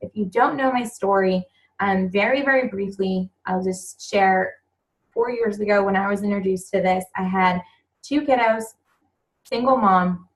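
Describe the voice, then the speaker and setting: A woman's voice: mid-range voice, unhurried, far from the mic, rough recording. A woman in her thirties giving an emotional, earnest motivational talk to new team members on a group call.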